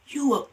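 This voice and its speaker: A man hosting a livestream, giving blunt, profane, trash-talking commentary in an excitable way. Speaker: livestream host.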